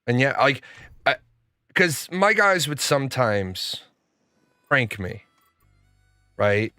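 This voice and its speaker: A young adult man chats casually while streaming a game, swearing freely and stumbling over his words as he tells stories. His voice sits at an ordinary middle pitch. The sound is dry and close to the mic. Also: big pitch swings, slow pace, sharp tone, no room sound, faint music behind. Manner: profane, storytelling with frequent stammers and restarts. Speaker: gaming streamer.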